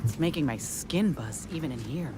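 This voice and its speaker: Low-voiced determined game companion, blunt, loud music under her. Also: lively intonation, normal speed. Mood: resolute. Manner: earnest, blunt folksy speech. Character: resolute female companion, grim and loyal. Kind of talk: video game voice acting.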